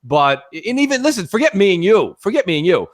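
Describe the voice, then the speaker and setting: A man co-hosting a casual gaming podcast, talking in an animated, ranting way. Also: sits high, a little fast. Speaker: podcast co-host.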